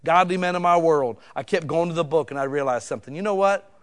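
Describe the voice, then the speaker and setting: A man's voice: on the high side, fast talker. Folksy preacher man. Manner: storytelling, swings from loud emphatic to quiet hushed; folksy, casual wording. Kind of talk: sermon.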